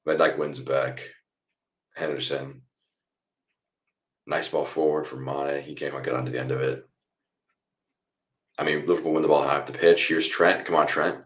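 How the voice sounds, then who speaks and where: A man's voice: rumbling low, normal speed, pauses often. A young man hosting a live football watchalong, chatting casually and calling the plays as he watches. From United States. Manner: chatty, reacts loudly to goals then explains calmly. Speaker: watchalong host.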